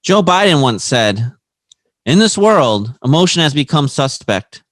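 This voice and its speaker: A man's voice: on the high side, sing-song, measured pace, dry recording. Man co-hosting a casual podcast. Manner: laughs between reading quotes aloud. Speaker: podcast co-host.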